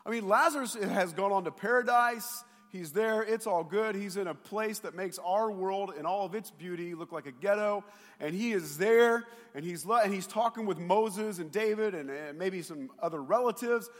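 A male pastor preaching a sermon, retelling scripture in an animated way and mimicking sarcastic and doubting voices. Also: high-pitched, moderate pace. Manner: animated storytelling, mocking voices of doubters, sometimes shouting. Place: church sanctuary. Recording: long hall reverb.

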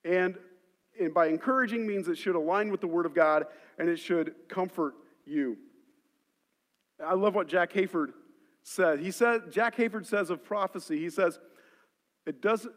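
A man preaching a sermon as pastor, telling stories and shifting between loud emphasis and quiet asides. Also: high-pitched. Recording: long hall reverb.

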